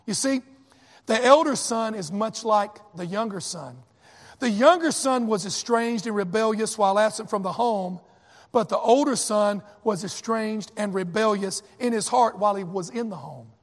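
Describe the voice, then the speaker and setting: A man's voice: high voice, normal speed, in a large hall. A man preaching a sermon as pastor, with emphatic repetition and acted quotes.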